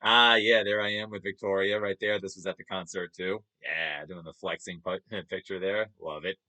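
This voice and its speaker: A man's voice: deep voice, fairly even intonation, unhurried, sharp tone. Chuckling New man. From New York. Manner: chatty, chuckles often, upbeat. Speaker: streamer. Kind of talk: casual chat over photos.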